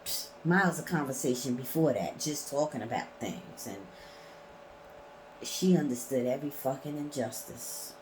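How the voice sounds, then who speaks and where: Woman, vlogger, deep voice, blunt, emphatic, cusses often. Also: moderate pace, noisy background. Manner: blunt, emphatic, swears freely. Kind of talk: casual storytelling to camera.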